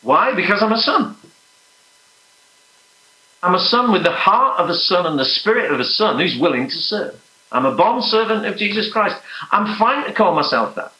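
A man preaching a sermon, earnest and emphatic, sometimes dropping to soft, hushed prayer. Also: sits high, big pitch swings, moderate pace, echoey room, rough recording.

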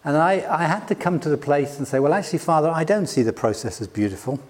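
Preaching fast, the middle-aged British pastor speaks fairly high with big swings in pitch. His sermon comes across as conversational and self-mocking, punctuated by plenty of laughs.

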